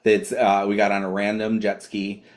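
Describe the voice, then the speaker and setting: A man's voice: on the low side, completely flat delivery, moderate pace. A man co-hosting a podcast, talking casually with many fillers and restarts. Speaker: co-host.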